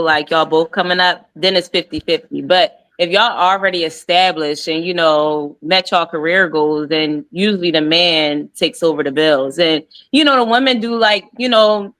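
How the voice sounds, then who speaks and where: Bright-voiced woman guest in casual chat. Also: on the low side, poor audio. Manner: easygoing, laughs often. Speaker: podcast guest.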